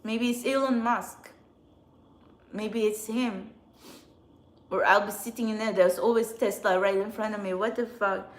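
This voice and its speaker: A woman, a spiritual channeler, venting in an emotional, agitated monologue outdoors in a city, swearing often and swinging between quiet and loud. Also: medium pitch, fairly even intonation, measured pace, pauses often, echoey room. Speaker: spiritual channeler and tarot reader.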